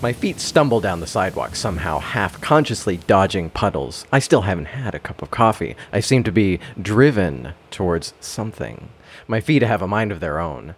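Deep-voiced male narrator, theatrical, very expressive pitch swings. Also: normal speed, a little hiss or hum. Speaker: storyteller. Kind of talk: dramatic first-person story narration.

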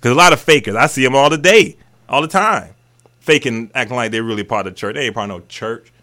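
A male radio host teaching the Bible in an excitable, casual preaching style, breaking into hallelujahs and everyday slang. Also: medium pitch, fast. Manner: excitable, exclaims hallelujah, talks back to the text; casual and colloquial, drops into vernacular.

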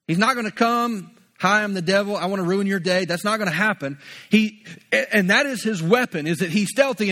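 A man's voice: high voice, a bit bright. A male pastor preaching a conversational sermon, often repeating words as he builds a point.

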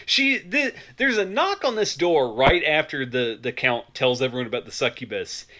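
A man's voice: medium pitch, expressive, normal speed, pushed and bright. A man co-hosting a podcast, playfully recounting film scenes in casual chat, often laughing. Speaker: podcast co-host.

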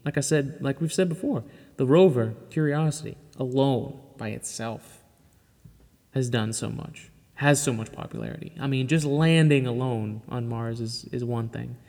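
Excitable man hosting a podcast. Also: mid-range voice, moderate pace, vocal fry, long reverb tail. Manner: enthusiastic, loose and chatty, with casual swearing and laughs. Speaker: podcast host. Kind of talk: casual solo podcast talk.

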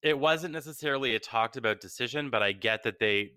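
A man co-hosting a call-in show as a psychic medium, speaking gently and reassuringly with many fillers. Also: medium pitch, brisk, smooth, no echo.

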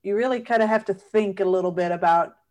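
A woman's voice: mid-range voice, fast, a little mellow. Thoughtful woman interviewer. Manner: thoughtful, hesitant, with fillers. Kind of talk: conversational interview.

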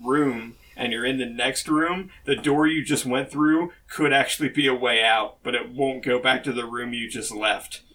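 A man's voice: mid-range voice, fairly even intonation, moderate pace, few pauses, pushed and bright. Hesitant male podcast co-host. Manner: hesitant, many fillers and restarts. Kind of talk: casual chat.

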